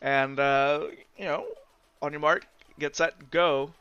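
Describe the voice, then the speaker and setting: A man's voice: a little high, fairly even intonation, slow, a bit bright. A man narrating a tabletop game as game master, descriptive, with frequent fillers. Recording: dull lo-fi recording.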